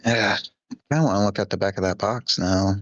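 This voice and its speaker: A laid-back man co-hosting a podcast, rambling along with plenty of ums. His voice is very low, dry and a bit dull through a headset. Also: fairly quick, no echo. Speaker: podcast co-host. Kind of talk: casual chat.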